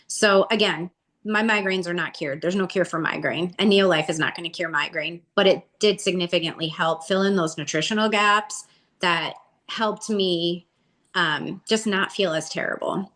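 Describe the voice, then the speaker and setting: A woman's voice: lowish voice, normal speed. A woman in her forties, an interview guest, telling her story casually and acting out what people said with a rising voice. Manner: animated, acts out quotes with a rising voice.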